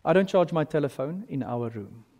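A man in his thirties with a South African accent, preaching a sermon as pastor, telling stories animatedly and swinging between loud and hushed. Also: on the high side, lively intonation, moderate pace. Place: large church hall. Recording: long reverb in a church hall.

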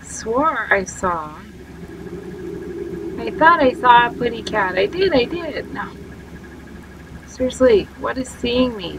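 A woman's voice: a little high, big pitch swings, takes it slowly, pauses often, background noise. A woman streaming a game live and chatting to her viewers, self-mocking and full of exclamations. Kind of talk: live gameplay commentary.

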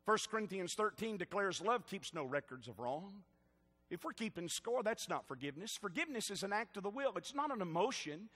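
A man's voice: high voice, very animated, fairly quick, pushed and bright, slightly rough, big-room sound. A middle-aged man with a Southern US accent, a pastor preaching a sermon with rising, stirred-up emphasis and jokes for the congregation. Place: church sanctuary.

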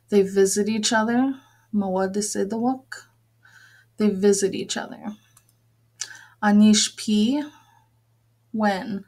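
A woman teaching a vocabulary lesson, patiently repeating each word and explaining it, with frequent pauses and fillers. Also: mid-range voice, dark tone. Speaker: language teacher. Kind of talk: slow, careful vocabulary lesson with repeated words.

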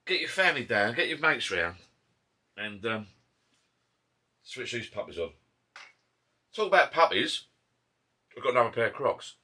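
A man's voice: mid-range voice, very animated, normal speed, long pauses, sharp tone. A man with an Essex accent chatting casually over beers in his garden pub shed, rambling and breaking off mid-thought. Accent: Essex English. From Essex, England. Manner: rambling, chatty, self-interrupting. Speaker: vlogger. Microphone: camera mic.

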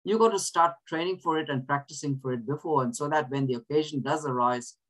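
A man's voice: on the high side, fairly quick, fairly bright tone, low-quality recording. A man leading a group, reading scripture and teaching in an earnest way, often restarting his words. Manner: asks listeners to repeat verses. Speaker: prayer group leader.

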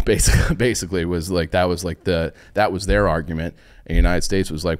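A man's voice: sits low, fairly even intonation, fast. A young man casually explaining history on a podcast, rambling with lots of fillers and loose quotes. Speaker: podcast guest.

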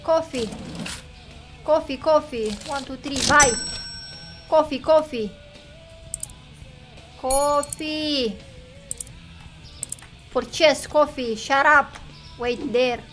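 Young woman, high bright voice, slow unhurried talk, excitable game commentary, faint music behind. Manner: excitable, talks to chat, exclaims loudly and mutters numbers. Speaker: game streamer. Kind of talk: casual gameplay commentary.

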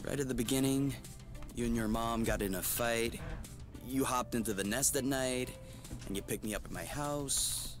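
An actor playing a soft-spoken, thoughtful young man in a video game, speaking tenderly to his partner. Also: mid-range voice, normal speed, soft background music, natural voice.

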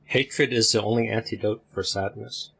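Man, deep husky voice, gravelly, drawn-out casual commentary. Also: steady tone, a bit bright. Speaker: discussion group host. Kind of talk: casual commentary between excerpts.

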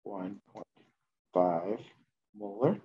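A man teaching a chemistry class, working through math slowly out loud and correcting himself as he goes. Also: lowish voice, slightly rough, highs cut off. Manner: slow, thinking aloud while working math at the board, self-correcting. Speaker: chemistry instructor. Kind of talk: classroom lecture.

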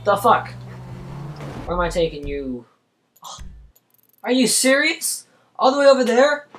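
A man commentating over his gameplay as a taxi driver, swearing constantly and swinging between furious yelling and low muttering. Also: sing-song, a little slow, a little hiss or hum. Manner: profane, swings from rage-filled yelling to muttering. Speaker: gamer playing a taxi driver. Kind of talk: let's-play commentary.

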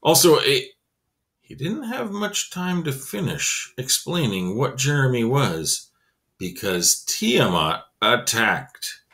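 A man's voice: mid-range voice, very animated, takes it slowly, sharp tone. A man reading a children's novel aloud expressively, adding casual asides. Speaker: reader.

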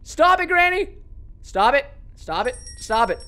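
A young man doing horror game commentary, excitable and panicky, often yelping and shouting and taunting the game. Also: very high voice, a little slow. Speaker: gaming YouTuber.

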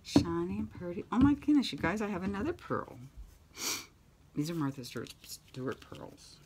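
Working on a craft project at home, a middle-aged craft vlogger with a lowish, husky voice chats casually while painting, her pitch swinging widely at a moderate pace. She rambles, pokes fun at herself and often drops into whispered asides. The window in her craft room is open, and loud sanding, rubbing and clicking noises fill the background.

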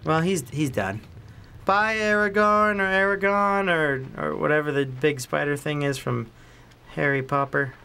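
A young man giving casual commentary while he plays a video game. He gets excitable, talks to the characters on screen and repeats phrases. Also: on the high side, a little slow, vocal fry, smooth. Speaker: let's play host.

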